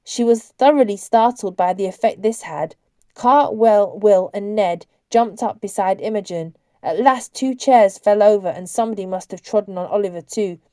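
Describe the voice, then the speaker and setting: A woman's voice: medium pitch, normal speed, dry recording. Woman narrating a novel, dry close sound. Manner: steady, expressive storytelling. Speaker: audiobook narrator. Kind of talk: audiobook narration.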